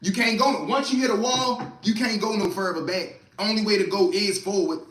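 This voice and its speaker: A streetwise livestream host with a high, bright, forward voice talks a little fast in an echoey room with slight background noise. He casually recounts tales from the street and greets viewers by name.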